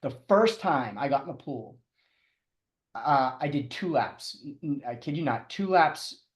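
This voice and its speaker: A middle-aged man telling his story as a podcast guest, halting and restarting often, with chuckles. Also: medium pitch, expressive, reverberant. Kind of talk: casual storytelling interview.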